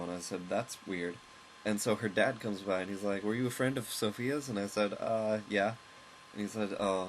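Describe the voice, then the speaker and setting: A man casually recounting a long, rambling story at home while commenting on a game, with chuckles and quick asides. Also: on the low side, slight background noise, low-quality recording. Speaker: let's play host. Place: at home, with a loud pet bird nearby.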